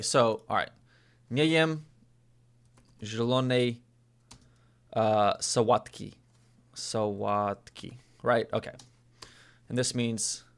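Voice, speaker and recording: Young male learner, slow and unhurried, bright voice, hesitant and repeating words as he practices. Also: on the low side, gravelly, smooth. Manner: hesitant, repeats phrases slowly while practicing. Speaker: language learner. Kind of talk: casual language lesson.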